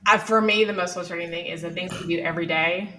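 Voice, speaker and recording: A woman's voice: on the low side, fast, far from the mic, slight background noise. A woman guest on a podcast, chatting frankly and quoting her children expressively. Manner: frank, expressive, quotes her kids in lively asides. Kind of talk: casual chat.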